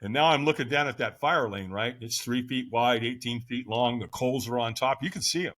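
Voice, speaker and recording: A middle-aged man, a podcast guest, telling a story with lively, acted-out voices and frequent laughs. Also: medium pitch, fairly quick. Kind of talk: animated storytelling.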